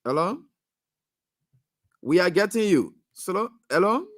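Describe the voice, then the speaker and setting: A man's voice: sits high, big pitch swings, measured pace, fairly bright tone, no room sound, studio quality. A man hosting a radio call-in show, friendly as he takes callers and speaks up on issues.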